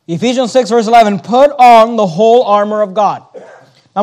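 A man's voice: sits high, darkish tone. A man preaching a sermon, emphatic, asking rhetorical questions and reading scripture aloud in King James wording.

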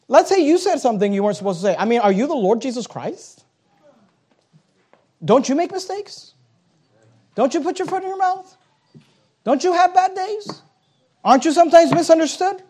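A man with a high voice preaches with animated energy, jumping into acted-out exchanges between people. He drives his points home bluntly and drops in wry jokes along the way. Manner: animated preaching with acted-out dialogue and rising emphasis; blunt, joking asides. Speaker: pastor. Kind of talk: sermon.

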